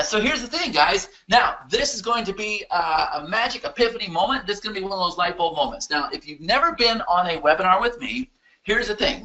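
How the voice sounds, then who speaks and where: A man presenting a webinar in an emphatic, repetitive motivational sales-pitch style. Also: pushed and bright, dull audio.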